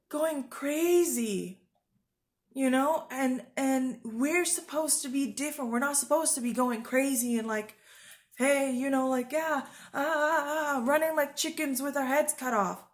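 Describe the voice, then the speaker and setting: A woman's voice: high voice, takes it slowly. A woman preaching informally to her viewers, earnest and urgent, rambling with fillers and restarts. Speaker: Christian video preacher.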